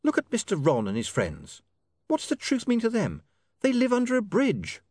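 A man voicing a sharp, indignant young working woman who lectures in a heated, snappy way. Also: high voice, wildly swooping pitch, moderate pace, slightly rough, no room sound, studio quality, pitched above the performer's own voice, exaggerated voice.

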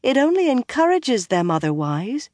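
An audiobook narrator voicing a poised young noblewoman who speaks formally and gives calm advice. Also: medium pitch, moderate pace, no room sound, pitched above the performer's own voice, close to an everyday voice. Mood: composed.

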